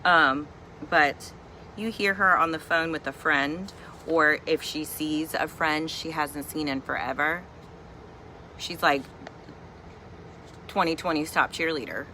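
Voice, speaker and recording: A woman's voice: sits low, slow pace, pauses often, pushed and bright, a little hiss or hum. A middle-aged woman and mother from Virginia, ranting in a chatty, exasperated, humorous way in a casual vlog at home. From Virginia, USA. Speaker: vlogger and mother.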